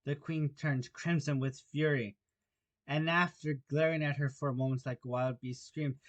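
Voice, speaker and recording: A man with a shrill voice narrating an audiobook of a storybook, with occasional slips and restarts. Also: steady tone, normal speed.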